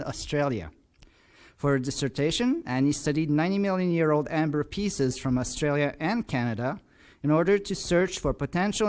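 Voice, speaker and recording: A man's voice: a little high, darkish tone. A man hosting a lecture series, reading out a prepared introduction of a guest speaker, with a few small slips he corrects as he goes. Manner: reads carefully, with small slips and self-corrections.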